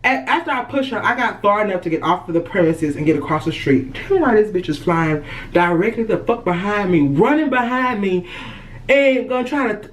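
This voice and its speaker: A woman vlogger telling a story straight to camera. She is animated and dramatic, swears freely, and keeps calling out to her viewers as she goes. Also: mid-range voice, a little fast, poor audio. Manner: animated, profane, dramatic retelling; addresses viewers as y'all. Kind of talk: storytime vlog.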